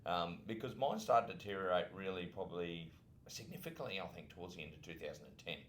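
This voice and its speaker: A man's voice: deep voice, animated, fast, a little hiss or hum. A man in his forties with an Australian accent, co-hosting a casual podcast as a former police officer, telling stories and stumbling over repeated words. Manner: storytelling, repeats words as he goes, chuckles. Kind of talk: casual chat.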